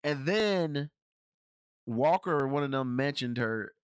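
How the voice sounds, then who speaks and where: A man's voice: mid-range voice, expressive, slow, clear, resonant tone, no echo, clean studio sound. A man hosting a casual film review podcast, talking in a slangy, rambling way with lots of restarts. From Cincinnati area, United States. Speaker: podcast host reviewing films.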